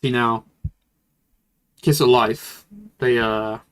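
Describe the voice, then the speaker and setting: With faint music playing behind him, a young streamer reviews music in a slow, mid-range voice that keeps a fairly even intonation. His commentary is casual and loosely rambling, full of fillers and an occasional swear word.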